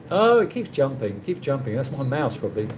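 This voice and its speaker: He sounds very animated, his voice mid-range and his pace moderate, with background noise behind him. This middle-aged livestream host from London, England, chats casually in his London accent, goes through viewer comments, and keeps rambling and starting over.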